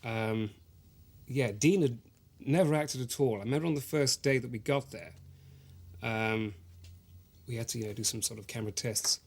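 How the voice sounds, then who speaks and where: A man's voice: medium pitch, moderate pace, vocal fry. An actor playing a self-important, condescending male actor in a mock documentary interview, full of hesitant fillers. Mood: self-satisfied.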